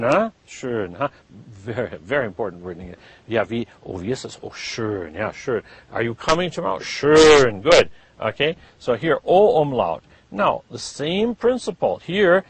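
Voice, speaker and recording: A man's voice: on the high side, big pitch swings, unhurried. A man teaching a German class, drawing out vowels to demonstrate them and checking in with "huh?" after each point. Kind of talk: classroom lecture.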